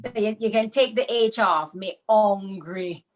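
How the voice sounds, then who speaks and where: A woman telling stories and teaching patois to children over a video call, with dramatic delivery. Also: on the high side. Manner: animated, dramatic, drawn-out delivery. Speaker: guest storyteller. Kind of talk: storytelling and teaching patois to kids.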